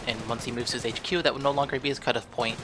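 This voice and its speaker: Over a noisy background, a young adult gaming host rattles off fast, steady-toned commentary in a mid-range voice. He's casually walking through a strategy match he recorded, meandering and questioning his own plays.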